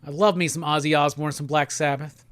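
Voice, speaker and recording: A man hosting a casual live stream. He talks in a laid-back, slangy way and reads viewer comments aloud in quick bursts. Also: a little high, fairly even intonation, a bit bright, dry recording. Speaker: livestream host. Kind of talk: casual livestream chat, reading viewer comments.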